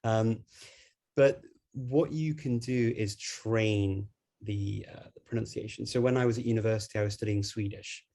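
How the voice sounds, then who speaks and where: Gravelly Scouse man talking languages. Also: on the low side, normal speed, warm tone. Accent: Scouse, Liverpool. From Liverpool, England. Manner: chatty, laughs between points. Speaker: guest speaker on language learning. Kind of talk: online talk.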